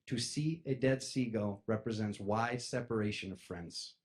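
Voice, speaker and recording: A young man telling a personal story to an audience, acting out the voices of his friends and jumping from loud, high outbursts down to low mutters. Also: a little slow. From East Coast of the United States. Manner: lively, acts out friends' voices, jumps loud and high then drops to a mutter.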